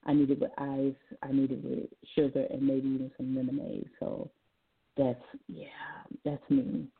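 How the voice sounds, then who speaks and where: A Southern woman who is a guest on a talk show, talking in a slow, easygoing way and laughing often. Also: extremely low pitch, monotone, gravelly, husky, phone-quality sound. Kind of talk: casual talk show chat.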